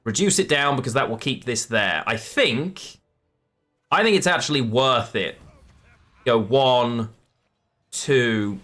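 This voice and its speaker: A man's voice: mid-range voice, lively intonation, slow, long pauses, fairly bright tone, faint music behind. A man live-streaming a card game, chatting with viewers and correcting himself as he plays. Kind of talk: live game commentary to chat.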